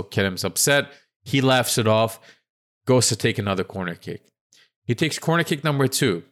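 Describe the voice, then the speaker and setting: A man's voice: mid-range voice, animated, moderate pace, fairly bright tone. A man co-hosting a casual football podcast, animatedly retelling match moments in a chatty play-by-play way. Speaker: podcast co-host. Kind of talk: casual sports podcast chat.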